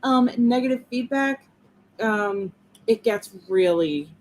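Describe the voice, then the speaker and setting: A woman co-hosting a livestream, reading out points slowly with many fillers. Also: fairly high pitch, a little mellow, slight background noise, low-quality recording. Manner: slow, reads points with fillers. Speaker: co-host. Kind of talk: casual livestream discussion.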